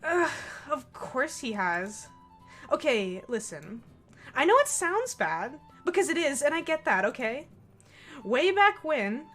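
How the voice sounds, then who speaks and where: A brash, bossy teenage troll girl from a game, loud and pushy, with a valley-girl tilt, as a woman puts her on. The voice sits high and bright and swings widely in pitch. She leans on every line. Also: very animated, takes it slowly, soft background music, heavily acted. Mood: defensive.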